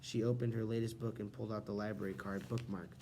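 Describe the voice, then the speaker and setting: Mellow-voiced man reading a children's novel. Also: on the low side, little pitch movement, quick pace, slight background noise, rough recording. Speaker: audiobook reader. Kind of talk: audiobook narration.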